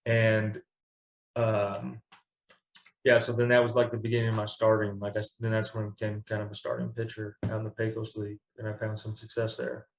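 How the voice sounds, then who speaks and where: A man's voice: fairly low pitch, monotone, fairly quick, creaky. A young man from Kentucky telling stories as a guest in a casual interview, rambling and full of fillers. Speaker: baseball pitcher, guest. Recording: echoey room.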